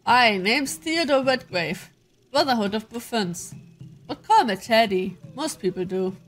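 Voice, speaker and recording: A woman's voice: fairly high pitch, lively intonation, unhurried, fairly bright tone, soft background music. A woman voicing a friendly male dwarf tinkerer and monster hunter, read in her own plain voice without an accent.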